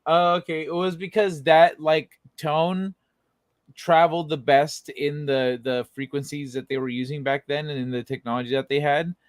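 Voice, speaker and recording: A man's voice: a little high, fairly even intonation, normal speed, dry recording. A young man co-hosting a casual chat, laid-back and joking while he explains things.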